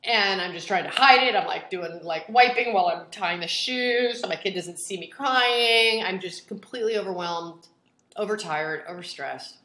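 A woman telling a personal story in a casual chat, animated and full of "like", acting out what people said. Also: mid-range voice, normal speed. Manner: animated, acts out quotes, lots of "like". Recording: echoey room.

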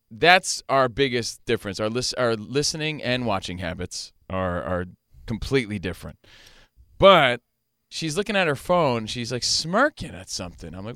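A man telling an animated, frustrated story in casual banter, with a lot of swearing. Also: mid-range voice, no echo, clean studio sound.

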